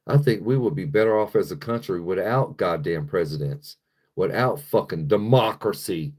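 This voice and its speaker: A man's voice: sits low, lively intonation, moderate pace, a little mellow, husky. An American man hosting a livestream, ranting angrily and profanely while reading chat. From United States. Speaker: livestream host. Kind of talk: live-stream rant reading chat.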